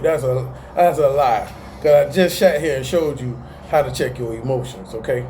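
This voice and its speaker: Animated slangy man, mellow tone. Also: medium pitch, brisk, a little hiss or hum. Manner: animated, slangy, laughs at himself. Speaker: self-help video host. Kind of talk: casual motivational talk to camera.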